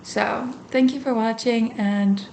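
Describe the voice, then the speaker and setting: A young woman with a fairly high voice chats straight to her camera, telling a story with plenty of "like" and "um". She acts out her own reactions as she goes. A faint hiss of background noise sits under her. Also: slow, gravelly. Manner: chatty and animated, lots of fillers, acts out her own reactions. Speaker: vlogger. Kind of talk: casual talking-to-camera storytelling.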